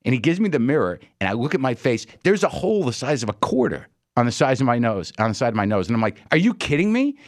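A man's voice: mid-range voice, animated, quick pace, few pauses. A man filling in as a radio host, telling a comic story in an exasperated, incredulous way into a studio microphone.

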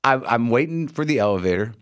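A radio host delivers a loose, comic monologue, rambling wryly and performing the voices of the people he quotes. His ordinary-pitched voice is expressive and quick, captured dry and close in a studio with no room sound.

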